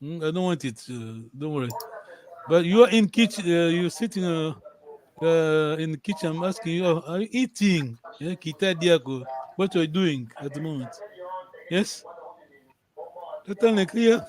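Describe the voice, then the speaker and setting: A man's voice: a little high, expressive, normal speed, a little mellow. A man teaching a language lesson over a video call, patiently repeating and checking that his students follow.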